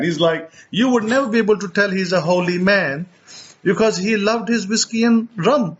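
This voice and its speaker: Storytelling preacher man, fairly high voice. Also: moderate pace, muffled recording. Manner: animated retelling, repeats and restarts words. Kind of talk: storytelling teaching.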